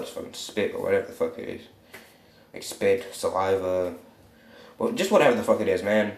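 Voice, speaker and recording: A man's voice: sits low, slight background noise. A man casually retelling a fan story, rambling and swearing as he goes. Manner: rambling, leans on "basically" and swearing. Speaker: channel host. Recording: roomy echo.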